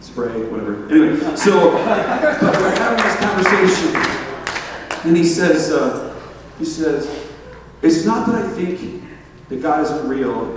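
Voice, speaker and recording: A man preaching a sermon, telling stories with laughter and animated asides. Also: medium pitch, a little hiss or hum. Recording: echoey hall from far off.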